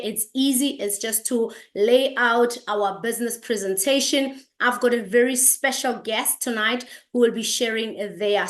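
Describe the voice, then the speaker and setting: An energetic woman hosts an online business presentation over a video call. Her voice sits slightly high, and she greets attendees one after another before moving into her pitch. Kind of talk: upbeat online meeting presentation.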